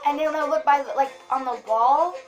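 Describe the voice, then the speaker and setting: A young woman chatting excitedly in a casual vlog, rambling with lots of fillers. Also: high voice, a little fast. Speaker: vlogger. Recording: music playing behind.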